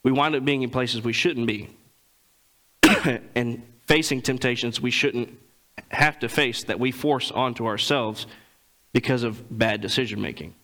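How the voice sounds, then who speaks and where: A man preaching a sermon, reading scripture and retelling it in casual everyday speech, clearing his throat often. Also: mid-range voice, unhurried, long pauses, pushed and bright, low-quality recording.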